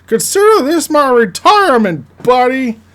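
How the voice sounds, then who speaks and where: A man voicing a cocky little male cricket in a squeaky, loud voice. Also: sing-song, moderate pace, heavily acted.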